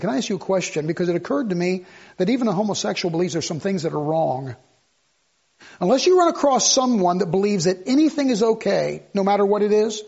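A man's voice: sits high, gravelly, darkish tone, husky. An older man preaching a sermon in an emphatic, repetitive, conversational way that rises to outbursts. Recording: dull lo-fi recording.

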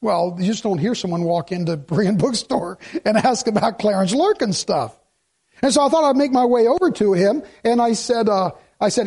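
A man's voice: high-pitched, animated, moderate pace, darkish tone, slightly rough. A male pastor preaching a sermon in a conversational way, asking the congregation questions and slipping in jokes.

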